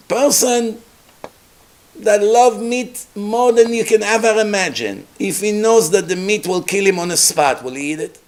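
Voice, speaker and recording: A man, a rabbi, giving a Torah lecture in English with non-native grammar, telling the story with lively acted-out voices. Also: measured pace, a little hiss or hum. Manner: animated storytelling, acts out characters with big pitch jumps.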